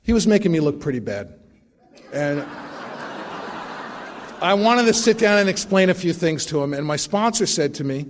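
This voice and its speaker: A man's voice: fairly high pitch, lively intonation, normal speed, pauses often. A middle-aged man sharing his recovery story at a meeting, with wry, self-mocking humor.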